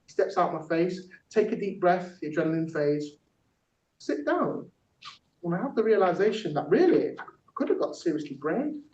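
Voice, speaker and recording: A man's voice: sits high, lively intonation, normal speed, darkish tone. A man, a workshop facilitator performing spoken word poetry with punchy rhythm, then discussing it with a group. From Yorkshire, England. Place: theatre workshop room. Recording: echoey room from a distance, dull.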